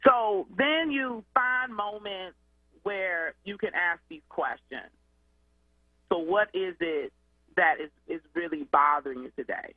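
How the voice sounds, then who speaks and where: A woman's voice: lowish voice, slow, dry recording. Woman educator on a tinny phone line. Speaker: educator and student advocate, guest. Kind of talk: radio call-in interview.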